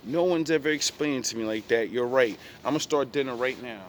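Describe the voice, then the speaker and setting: A man's voice: mid-range voice, a little fast, a little hiss or hum. A young man bluntly retelling a past relationship in profane street slang, casual storytelling.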